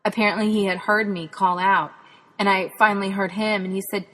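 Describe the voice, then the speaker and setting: A Texas woman who hosts a podcast and writes on spirituality shares her personal faith testimony, earnest and reflective. Her medium-pitched voice is level, fairly quick, and a bit bright, with long hall reverb on the recording.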